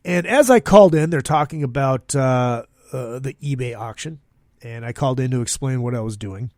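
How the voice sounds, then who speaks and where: This solo podcast monologue comes from a host whose medium-pitched voice is a little mellow, at a moderate pace. The recording is dry and studio quality, and his talk is casual, upbeat and rambling, heavy on fillers.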